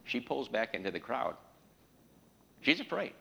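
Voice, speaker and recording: A man delivers a sermon in a church, his voice gravelly and bright, pressing the congregation with repeated questions as he builds to an impassioned pitch. The sound carries a long reverb from the hall. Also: very animated, a little slow. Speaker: preacher.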